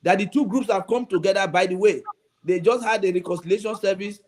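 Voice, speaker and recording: A man's voice: high voice, a little fast, a little mellow. A man, a bishop speaking as a guest on a talk show, earnestly pleading and acting out the dialogue he recounts. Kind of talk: talk-show interview, storytelling.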